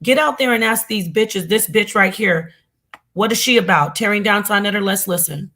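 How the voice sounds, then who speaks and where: A woman host delivers a heated, profanity-laced rant to her online audience. Her voice is mid-pitched and cutting as she calls out critics. It sounds like a home livestream. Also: normal speed, sharp tone. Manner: angry, cursing, ranting. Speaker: channel host. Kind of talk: heated reaction commentary.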